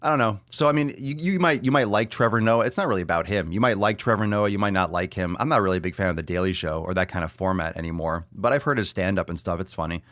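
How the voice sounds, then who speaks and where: A man's voice: sits low, fast talker, hardly any pauses, fairly bright tone, no echo, clean studio sound. A man hosting a podcast, ranting bluntly and sarcastically with lots of swearing, repeating lines for emphasis, then taking audience questions. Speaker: podcast host. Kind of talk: solo podcast rant and Q&A.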